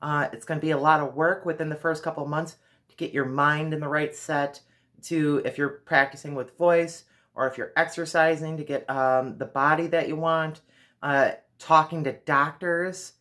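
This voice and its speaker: A woman's voice: deep voice, fairly even intonation, moderate pace, fairly bright tone. A woman vlogger giving earnest, direct advice in a casual monologue.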